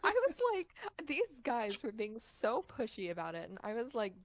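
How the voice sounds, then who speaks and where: A woman's voice: mid-range voice, very animated, normal speed, hardly any pauses. A young woman co-hosting a casual podcast, telling a story in a chatty way, acting out what people said and laughing often. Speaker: podcast co-host.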